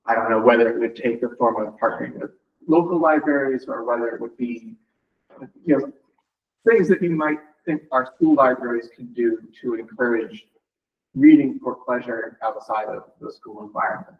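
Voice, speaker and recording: A man on a committee sets out a long, thoughtful question at a measured pace. His voice comes from a distance in a roomy meeting space. The sound is dull and muffled. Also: mid-range voice. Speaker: committee member.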